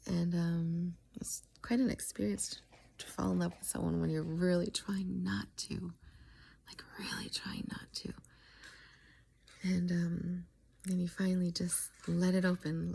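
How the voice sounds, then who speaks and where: A woman telling a long story casually, often dropping into a soft whisper and pausing with halting fillers. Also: on the low side, gravelly, slightly rough.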